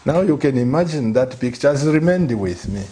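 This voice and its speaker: Earnest pastor with a dark voice. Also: male voice, mid-range voice, lively intonation, normal speed, a little hiss or hum. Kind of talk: earnest storytelling on a talk show.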